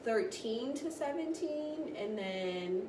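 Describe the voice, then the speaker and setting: Lady podcast cohost, animated, laughs a lot, echoey room, kinda far off. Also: a little high, slow. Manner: animated, laughs while telling stories. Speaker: podcast co-host. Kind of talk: casual chat. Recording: roomy, distant mic, faint noise.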